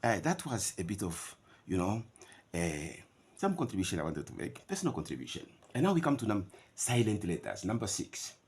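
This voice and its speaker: Lowish and darkish, with a breathy edge and wildly swooping pitch, this man lectures a class on English pronunciation. His first language is Bantu, and he contrasts words against each other in long, drawn-out repetitions.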